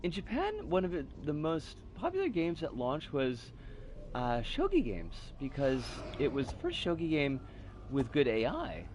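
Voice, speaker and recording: A woman streaming a video game, swearing often as she yells at the game and rambles with her chat in between. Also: low-pitched, huge pitch swings, measured pace, a little hiss or hum. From United States. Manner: swears constantly, yelps and curses at the game, then drifts into rambling chat. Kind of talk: casual live game commentary. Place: home streaming setup, living overseas.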